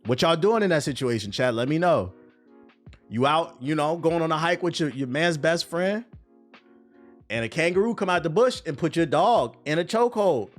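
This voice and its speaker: A young livestream host speaks at normal speed in a voice on the high side, with faint music behind him. Animated and casual, he jokes, swears and reads out messages from chat.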